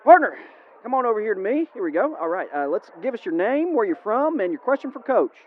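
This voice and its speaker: A man's voice: high-pitched, sing-song, fast talker. A man hosting a comedic live Q&A, folksy and drawling as he wrangles the crowd. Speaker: emcee host. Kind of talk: comedic live-show emcee. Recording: lo-fi phone-like audio with faint hiss.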